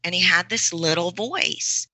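A woman's voice: on the low side, a little slow, bright, forceful tone, no echo, poor audio. A woman voice coach answering podcast interview questions, emphatic and repeating words for stress. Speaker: voice and presentation coach.

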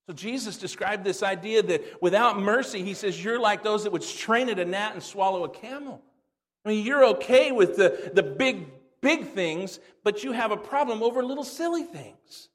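A man who is a pastor, preaching a sermon, reading scripture in a low soft voice and telling anecdotes with laughter. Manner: animated storytelling, laughs at his own anecdotes.

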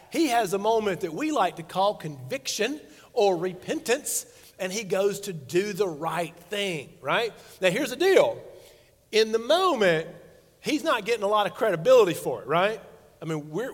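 Playful high-voiced man preaching in a hall. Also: lively intonation, normal speed, fairly bright tone. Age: 40s. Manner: playful, conversational preaching with acted-out quotes. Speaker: pastor. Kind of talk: sermon. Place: church sanctuary stage. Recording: long reverb of a large hall.

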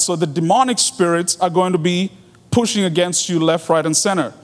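Earnest preacher man in a reverberant hall. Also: high-pitched. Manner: earnest, repeats key phrases for emphasis. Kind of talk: sermon.

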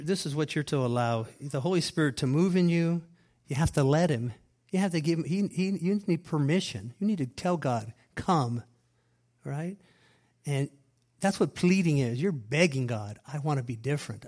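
Reading from scripture and then explaining it, this male pastor preaches in a fairly high-pitched voice. His delivery leans on repeated emphatic phrases, alternating loud stresses with hushed asides.

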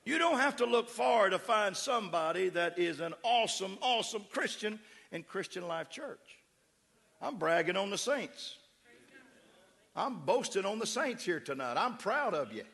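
A man's voice: high voice, sing-song, moderate pace, vocal fry, fairly bright tone, slightly rough. A middle-aged man with a West Texas accent, preaching a fervent, emphatic sermon to his church. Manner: fervent, emphatic preaching with crowd call-outs. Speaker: pastor. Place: church sanctuary. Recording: echoey church hall.

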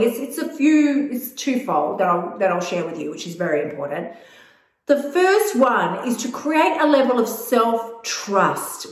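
A woman coaching viewers on weight loss in blunt, emphatic, casual talk that swears freely. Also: mid-range voice. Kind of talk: casual direct-to-camera advice. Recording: echoey room.

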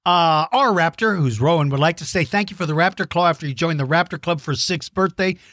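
A middle-aged man hosts a children's dinosaur show, answering kids' questions in friendly chat. His fairly high, fairly bright voice moves fast, and he explains things simply with enthusiasm and encouragement. The recording is dry, with clean studio sound.

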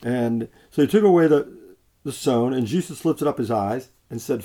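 A man's voice: medium pitch, a little fast, a little mellow. A man preaching a sermon in a conversational way, with frequent restarts and fillers.

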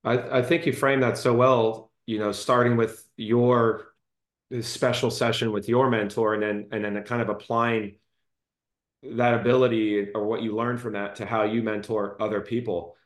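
A man's voice: on the low side, level tone, normal speed. A man hosting a podcast interview, chatty and friendly, with lots of fillers. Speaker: podcast host. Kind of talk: casual interview chat. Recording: echoey room.

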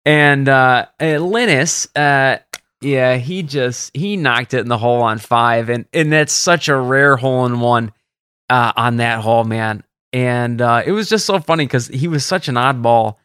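A man co-hosting a casual podcast, telling stories with lively energy and jumping up in pitch whenever he quotes someone. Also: measured pace, clean tone, no room sound, clean studio sound. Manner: animated storyteller, jumps up in pitch for quotes. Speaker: caddie podcast co-host. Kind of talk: casual storytelling chat.

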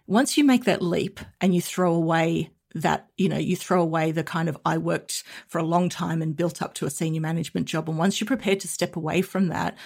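Podcast guest: middle-aged Australian woman, husky and gravelly, chatty, laughs a lot. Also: on the low side, a little mellow. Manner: chatty, laughs often, self-correcting restarts. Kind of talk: casual interview chat.

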